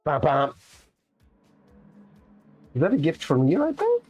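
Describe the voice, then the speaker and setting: A man's voice: a little high, wildly swooping pitch, slow pace, darkish tone, soft background music. A man streaming a racing game live, chatting playfully with his viewers and his cats. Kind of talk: casual live-stream chat while gaming.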